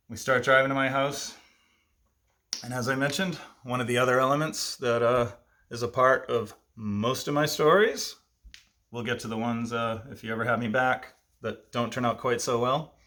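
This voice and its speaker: A man in his fifties telling a personal childhood story, lively and self-amused, with asides to the listener. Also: mid-range voice. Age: 50s.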